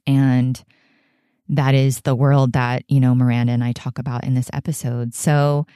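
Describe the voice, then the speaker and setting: Solo podcast host, woman: very low, smooth voice, chatty and loose, laughs easily. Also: level tone, moderate pace, mellow, no room sound, studio quality. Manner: chatty and rambling, laughs often.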